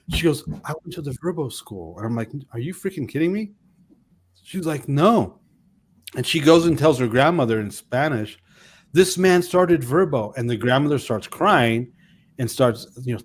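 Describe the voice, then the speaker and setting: This fifties-aged missionary pastor, co-hosting a relaxed conversation, spins animated, rambling stories full of restarts. His pitch sits in the middle range.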